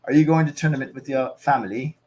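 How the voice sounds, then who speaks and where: A man's voice: mid-range voice, darkish tone. Chatty man in his thirties hosting. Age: 30s. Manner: chatty, reacts to chat in quick asides. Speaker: livestream host. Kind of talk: casual watch-along chat, reading viewer comments.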